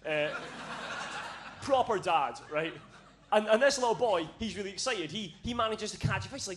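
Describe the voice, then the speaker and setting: A man's voice: high voice, brisk, a bit bright. A young man from Scotland doing a stand-up comedy set on a club stage, telling a story with lots of swearing and acted-out voices.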